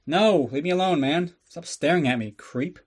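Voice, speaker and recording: A man putting on an irritated young woman snapping at a man to back off. The voice sits higher than his own and stays curt and dismissive. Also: moderate pace, natural voice. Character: annoyed young woman brushing off a creep.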